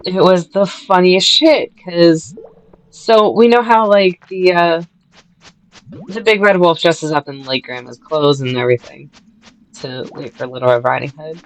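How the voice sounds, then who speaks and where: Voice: mid-range voice, a little slow, rough recording. A co-host of a gaming video chatting casually, swearing now and then. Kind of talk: casual chat while playing a game.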